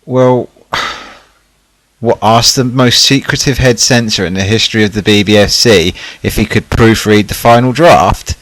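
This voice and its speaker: A man's voice: lowish voice, normal speed, few pauses, a bit bright, dry recording, low-quality recording. A man narrating a scripted documentary in a sardonic way, with catty asides.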